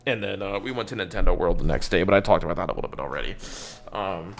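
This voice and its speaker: A man's voice: on the low side, sing-song, fast talker, vocal fry, fairly bright tone. A young man chatting casually on a live game stream, rambling and swearing, calling his viewers bro. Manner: rambling, profane, says bro a lot.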